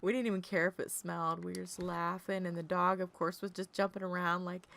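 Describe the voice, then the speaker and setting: A woman chatting casually with viewers, telling stories in an animated way and laughing often. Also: fairly low pitch, a little fast, gravelly, few pauses. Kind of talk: casual chat.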